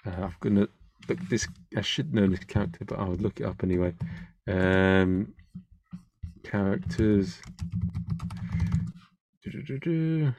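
A man's voice: on the low side, measured pace, gravelly, pauses often, darkish tone, no room sound. A man who is a comedian, a guest on a podcast, speaking hesitantly and searching for words as he thinks aloud. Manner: hesitant, many fillers and restarts while thinking. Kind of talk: casual interview chat.

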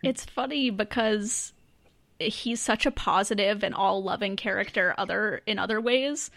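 A woman's voice: medium pitch, measured pace, creaky, a bit bright, no room sound. A woman co-hosting a podcast, talking frankly and wryly with casual swearing. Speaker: podcast co-host. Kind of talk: casual chat.

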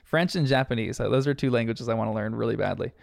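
A man's voice: mid-range voice, fast talker, gravelly, no echo, studio quality. A young man giving a casual, chatty recap of a cartoon episode, reflective and full of fillers. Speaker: episode reviewer.

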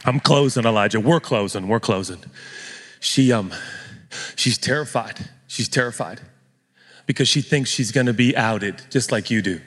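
A middle-aged man preaching a sermon as pastor, animated and joking in a conversational way. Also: medium pitch, normal speed, in a large hall.

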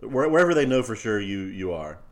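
A man's voice: fairly low pitch, big pitch swings, fairly quick. A man co-hosting a casual podcast, meandering and thinking aloud as he talks. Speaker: podcast co-host. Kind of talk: casual chat.

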